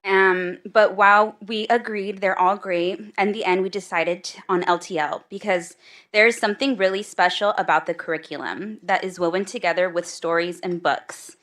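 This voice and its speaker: A woman's voice: medium pitch, steady tone, normal speed, fairly bright tone. A mother giving an emotional prepared public comment at a school board meeting, close to tears.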